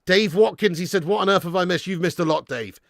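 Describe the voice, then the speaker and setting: A man hosting a live football watch-along, commentating excitedly and chatting casually with viewers in the comments. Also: sits high, quick pace, vocal fry, no room sound, studio quality. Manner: excitable, jumps up at big moments. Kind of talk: live match commentary reading chat.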